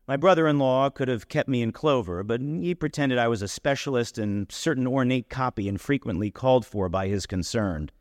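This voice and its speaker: A man's voice: medium pitch, brisk, few pauses, no room sound, in a large hall. A man narrating a literary short story in the first person, with a wry, dry manner. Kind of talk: audiobook reading of literary fiction.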